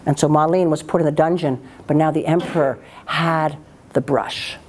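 A woman storyteller telling a folktale aloud in a dramatic, expressive way, with voiced sound effects. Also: low-pitched, normal speed, slight background noise.

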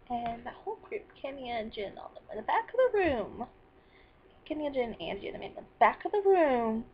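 A woman's voice: on the high side, lo-fi sound, a little hiss or hum. A teenage girl venting about her day in a rambling, sarcastic personal vlog. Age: teens. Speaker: vlogger.

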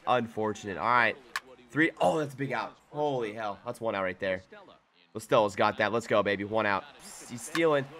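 An excitable young man commentates on his own video game as he plays it. His voice is bright and forward, and his pitch leaps around, swinging from low, quiet muttering to high, loud bursts. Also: normal speed. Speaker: gaming YouTuber. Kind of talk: live gameplay commentary.

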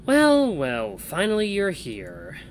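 A man's voice: high-pitched, wildly swooping pitch, takes it slowly, a little hiss or hum, pitched above the performer's own voice, full character voice. A man voicing a grumpy, impatient male scientist who speaks curtly and dismissively. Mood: irritated. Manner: curt and dismissive.

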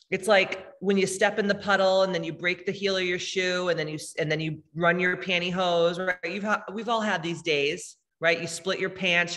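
A woman's voice: fairly low pitch, fairly bright tone, long reverb tail. A woman spiritual healer hosting a live meditation, talking casually and bluntly with lots of swearing as she reads chat comments. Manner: blunt, profane, emphatic.

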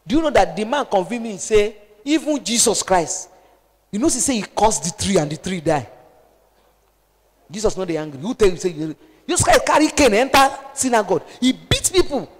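A woman's voice: medium pitch, lively intonation, moderate pace. Impassioned Nigerian woman preaching in a reverberant hall. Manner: impassioned, pleading, swings from loud exhortation to hushed appeals. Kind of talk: sermon.

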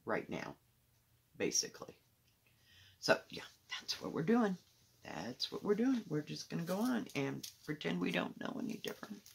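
A woman casually showing her cross-stitch projects at home, rambling candidly with soft muttered asides. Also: on the low side, huge pitch swings, normal speed, creaky, a little hiss or hum. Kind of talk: casual show-and-tell chat.

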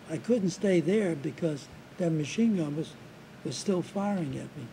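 An older veteran in his seventies tells his war story in an interview. He speaks haltingly and often repeats words as he restarts. His voice is raspy and gravelly, with a dark, mellow tone and a faint hiss behind it. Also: a little high, expressive, poor audio. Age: 70s. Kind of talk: recounting war memories in an interview.

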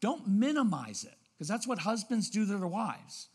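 A man giving a lively talk on parenting, often acting out parents' voices and checking with the audience. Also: high voice, moderate pace, hardly any pauses, husky. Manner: lively, acts out parents' voices, keeps asking "right?". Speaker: parenting speaker. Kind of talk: animated seminar talk. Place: church auditorium. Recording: long reverb of a large hall.

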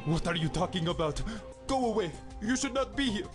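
A man's voice: high voice, lively intonation, a little fast. An actor playing a snippy, dramatic male computer program. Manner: haughty, dramatic. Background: game music.

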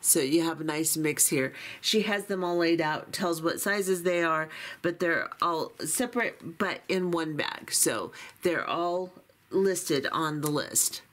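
A woman's voice: deep voice, slow pace, a bit bright. A woman hosting a beading channel, chatting casually through an unboxing in a chatty, self-deprecating way with many fillers. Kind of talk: unboxing walkthrough, casual chat.

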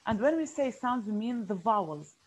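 A woman's voice: a little high, big pitch swings, normal speed, rough recording. A woman teaching an online phonics lesson, patiently repeating key words with frequent fillers.

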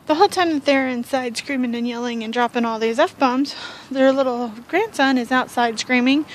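A woman's voice: high voice, moderate pace, background noise. A woman vlogging on her porch, telling a story in a chatty, rambling way with fillers and sighs. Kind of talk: casual storytelling vlog. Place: home porch, outdoors.

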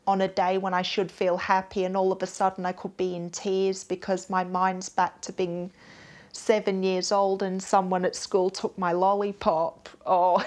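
A woman with an Australian accent answering interview questions in a plain, literal way, recalling exact dates. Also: mid-range voice.

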